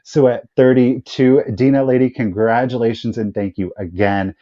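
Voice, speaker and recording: A man co-hosting a live sale, making relaxed joking side remarks and reading out bids. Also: medium pitch, moderate pace, muffled recording. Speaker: co-host. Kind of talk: live auction banter.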